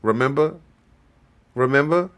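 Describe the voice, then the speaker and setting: A man's voice: medium pitch, unhurried, fairly bright tone. A man hosting a livestream, heatedly reacting to clips with profane, mocking commentary. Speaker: show host reacting to clips.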